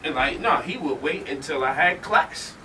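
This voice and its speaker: A man telling stories to a live audience in an animated, joking way, laughing often. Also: fairly high pitch, moderate pace. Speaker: speaker. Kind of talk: storytelling lecture. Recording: distant mic with faint noise.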